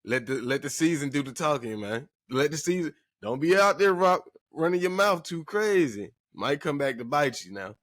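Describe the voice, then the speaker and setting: A man's voice: on the high side, animated, moderate pace, few pauses, a bit bright, no echo. A man hosting a sports podcast in casual talk, emphatic and repeating phrases for effect while addressing listeners directly.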